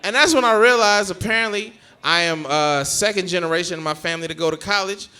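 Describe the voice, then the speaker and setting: Animated high-voiced stand-up comedian. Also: male voice, quick pace, smooth. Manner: animated storytelling, acting out family members. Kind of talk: stand-up set.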